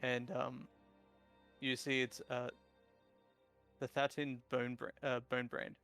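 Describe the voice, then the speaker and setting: A man's voice: mid-range voice, level tone, slow, creaky, bright, forceful tone, clear, resonant tone, soft background music. A man narrating a tabletop game as dungeon master, rambling with many fillers.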